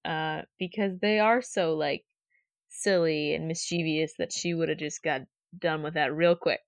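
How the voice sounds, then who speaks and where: A woman's voice: low voice, fairly even intonation, unhurried, no room sound. Chatty tired young woman podcaster. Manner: chatty, rambling, laughs often. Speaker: podcast co-host. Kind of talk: casual book-discussion chat.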